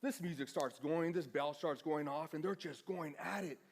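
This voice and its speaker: Casual man preaching with slightly high voice. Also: normal speed, creaky. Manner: casual, self-deprecating, acts out dialogue. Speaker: pastor. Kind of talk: conversational sermon storytelling.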